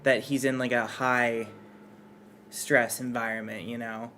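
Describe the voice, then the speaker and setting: A man's voice: mid-range voice, little pitch movement, unhurried, pushed and bright, a little hiss or hum. A man chatting casually at home, rambling and unsure, often restarting his sentences. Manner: rambling, hesitant, nervous restarts. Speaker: streamer's partner and guest artist. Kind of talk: casual chat.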